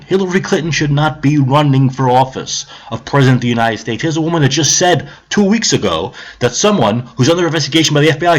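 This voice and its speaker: A man's voice: a little high, husky. A man ranting on a live stream about politics, heated, sarcastic and profane, repeating his points.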